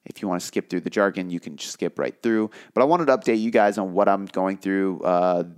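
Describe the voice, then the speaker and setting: A man's voice: low voice, brisk, clean tone. A man in his thirties hosting a podcast alone, talking casually and rambling, with many fillers and restarts. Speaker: podcast host. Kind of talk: casual solo podcast talk.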